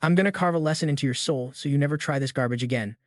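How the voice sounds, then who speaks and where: A cold, ruthless young hero from a comic recap, read by a man, flat and menacing. The voice is slightly high and recorded close and dry. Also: racing, dry recording, natural voice.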